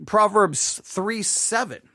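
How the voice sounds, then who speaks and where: A man teaches from the Bible in an informal, earnest way, pressing his points by repeating phrases and restarting sentences. His voice sits high and swings widely in pitch. The sound is dry, with no room echo. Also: expressive, takes it slowly, sharp tone. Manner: earnest, emphatic, with frequent repetitions and restarts.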